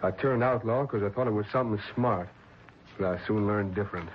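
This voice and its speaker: A man's voice: lowish voice, brisk, natural voice. An actor playing a young male ranch foreman with an outlaw past in a 1940s radio drama, speaking earnestly. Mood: tense. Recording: lo-fi noisy old radio recording.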